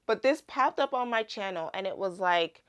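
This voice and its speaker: A woman's voice: mid-range voice, moderate pace, smooth. A young woman, chatting animatedly through a personal testimony full of "like"s. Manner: chatty, animated retelling with many "like"s. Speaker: Christian vlogger. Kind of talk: casual testimony storytelling.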